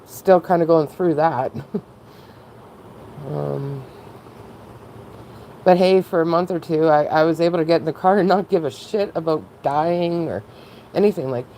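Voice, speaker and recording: A woman's voice: low voice, measured pace, pauses often, warm tone, slight background noise, rough recording. A woman talking candidly in a casual, rambling personal monologue, often breaking into laughs. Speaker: vlogger.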